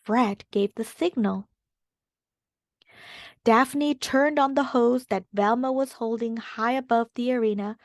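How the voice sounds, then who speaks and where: A woman's voice: fairly high pitch, no echo, studio quality. A woman reading a children's storybook aloud as the narrator. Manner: slow and clear. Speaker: storybook reader.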